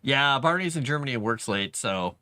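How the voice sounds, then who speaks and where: A man's voice: medium pitch, expressive, brisk, sharp tone, smooth, dry recording. A man hosting a casual live stream from his basement, chatting in a rambling way and laughing often. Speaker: livestream host. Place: home basement.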